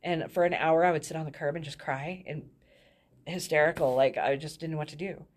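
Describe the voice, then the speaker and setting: Low-voiced woman, frank storyteller. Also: fairly even intonation, fairly quick. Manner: frank, laughs often mid-sentence. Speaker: guest telling her life story. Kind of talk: candid personal storytelling.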